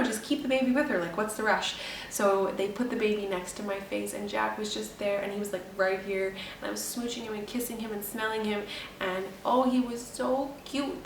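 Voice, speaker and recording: A woman's voice: medium pitch, fairly bright tone, distant mic. A young woman vlogger in casual chat, rambling and emotional, laughing often. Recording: roomy echo, a bit off-mic, faint hum.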